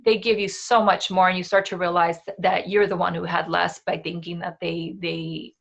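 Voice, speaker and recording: A woman's voice: on the low side, level tone, moderate pace, gravelly, a bit bright. A woman in her forties co-hosting a talk show in a casual, heartfelt way, with lots of fillers and tag questions. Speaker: co-host. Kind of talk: casual chat.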